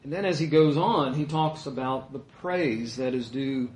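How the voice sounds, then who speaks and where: A man preaching a sermon as a pastor, earnest and emphatic, pausing often with "uh". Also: medium pitch, darkish tone. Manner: earnest, emphatic teaching with frequent "uh" pauses. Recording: echoey room.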